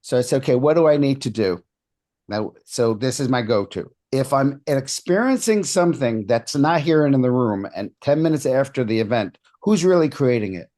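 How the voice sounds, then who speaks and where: Animated man telling a story. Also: medium pitch, normal speed. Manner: animated storyteller, acts out other people's lines. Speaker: podcast guest, hypnotist. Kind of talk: storytelling in a casual interview.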